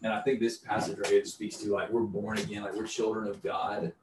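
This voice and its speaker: A man from the United States sharing thoughts in a Bible study, chatty and relaxed, with many "like"s. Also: lowish voice, fairly quick. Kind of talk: casual group discussion. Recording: roomy and distant with noise.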